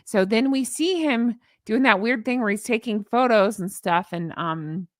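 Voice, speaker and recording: A middle-aged woman hosting a casual commentary stream, sarcastic and animated, reading out an article and answering her live chat. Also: fairly high pitch, a little slow, no room sound, studio quality. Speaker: commentary channel host.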